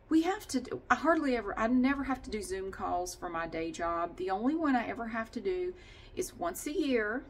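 A woman's voice: on the low side, a bit bright. A woman vlogging at home in a casual, chatty monologue, ranting with sighs and swearing.

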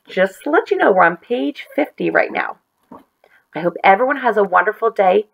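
A woman teacher reading a chapter book aloud to children in a gentle, expressive way. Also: medium pitch, normal speed, creaky, slightly rough, rough recording.

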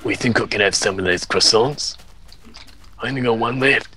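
A man's voice: medium pitch, moderate pace, sharp tone. A young man putting on an Australian accent as an easygoing bloke, tagging lines with "mate" and "eh" while gaming. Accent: put-on Australian. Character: cheery young Aussie bloke gamer. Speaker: gamer. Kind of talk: joking gameplay chat in character.

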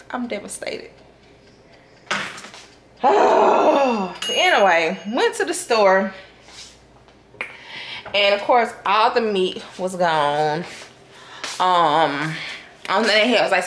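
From her kitchen at home, a vlogger chats casually to camera, talkative and colloquial, and often calls her viewers "y'all." Her voice is lowish and a bit bright, with slight background noise.

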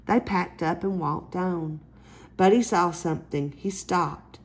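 A woman reads a children's picture book aloud. Her narration is gentle and even. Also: fairly low pitch, slow. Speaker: storyteller.

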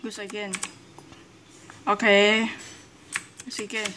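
High excitable woman gamer. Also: slow, long pauses, a little hiss or hum. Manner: excitable, frequent exclamations and groans, broken English. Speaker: gameplay commentator. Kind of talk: live gameplay commentary.

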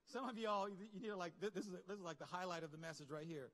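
Animated high-voiced preaching man. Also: fast, few pauses, big-room sound. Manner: animated, conversational preaching with slang and asides. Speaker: pastor. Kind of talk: sermon. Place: large church hall.

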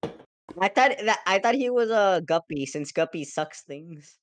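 A woman with a fairly low voice chatting over a game, quick to joke and laugh. She talks loosely and playfully. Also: lively intonation, slight background noise. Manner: joking, laughing easily. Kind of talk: casual gaming chat.

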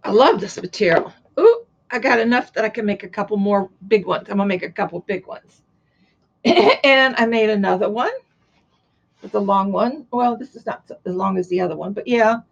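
In a lo-fi recording, an older woman from Florida does a relaxed show-and-tell on her crafting vlog, raving about gifts and displaying her sewing and crochet work. She talks at a normal speed in a medium-pitched voice with vocal fry.

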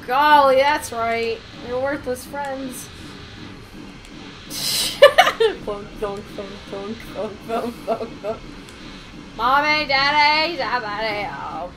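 A woman's voice: fairly high pitch, animated, slow pace, a bit bright, slight background noise, low-quality recording. A woman voicing a spiteful, taunting male talking flower from a video game, reading his lines in a mocking, sing-song way.

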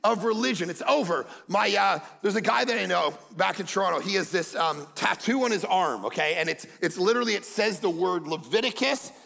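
Man, pastor, sermon, husky, animated storytelling, faint music in a reverberant hall. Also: high voice, brisk, hardly any pauses. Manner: animated storytelling, acts out quotes, shouts for emphasis.

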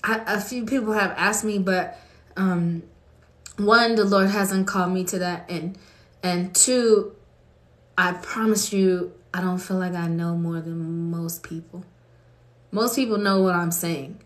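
A woman's voice: on the low side, steady tone, unhurried. A woman from Colorado hosting a livestream, praying and chatting off the cuff, laughing often and reading viewer comments aloud. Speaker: livestream host. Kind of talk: prayer and casual livestream chat. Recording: roomy echo.

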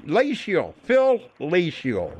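Guy prank calling scammers, swings his pitch all over, cusses and mocks a lot, bit of hiss. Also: huge pitch swings, slow pace, a little mellow. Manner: taunting, profane, mocking. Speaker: scambaiter prank caller. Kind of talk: prank phone call.

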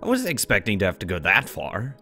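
Young male let's-player, lowish voice, sarcastic, swears a lot, casual reactions. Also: huge pitch swings, brisk, sharp tone, faint music behind. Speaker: let's play reader. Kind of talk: casual commentary over a visual novel.

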